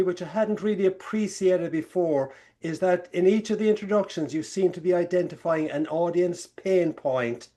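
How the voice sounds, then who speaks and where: A man with an Irish brogue speaks up from the audience of a seminar. His voice is high, and he mixes light joking with thanks. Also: warm tone. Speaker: audience member.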